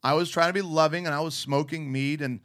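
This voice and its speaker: A man's voice: a little high, fairly even intonation, fast talker, a bit bright. A man co-hosting a podcast, telling stories in a playful, joking way. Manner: playful, jokey storyteller. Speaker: podcast co-host. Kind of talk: casual chat.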